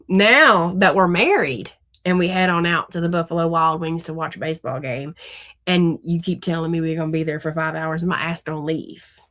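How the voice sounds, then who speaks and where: A woman's voice: sits low, fairly bright tone. Rambling, candid woman chatting casually. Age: adult with young children. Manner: rambling, candid and chatty, with frequent laughs and swearing. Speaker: book podcast co-host. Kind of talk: casual chat.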